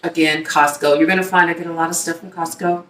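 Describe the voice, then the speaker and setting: A woman's voice: on the low side, steady tone, quick pace, a bit bright, slight background noise. A woman hosting a casual cooking demo, chatty and upbeat, talking straight to her viewers. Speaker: cooking video host. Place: home kitchen. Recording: echoey room, mic at a distance.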